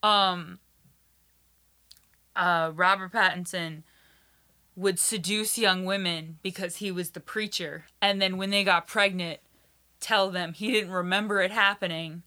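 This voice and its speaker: A woman chatting casually as a podcast guest, telling animated stories with lots of "like" fillers and frank swearing. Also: on the low side, measured pace, pauses often. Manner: animated storytelling, many "like" fillers, swears freely. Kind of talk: casual chat.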